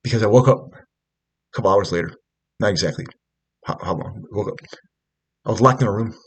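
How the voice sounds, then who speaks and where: A man's voice: lowish voice, fairly quick, breathy edge. A man telling a rambling personal story, agitated and profane, with many fillers and asides. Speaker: storyteller recounting personal events. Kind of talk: rambling spoken monologue.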